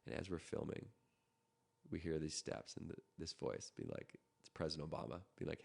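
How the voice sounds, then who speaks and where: A man from Canada, a podcast guest, telling a story in a quick, animated way with frequent restarts. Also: a bass voice, creaky, breathy edge. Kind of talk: casual storytelling.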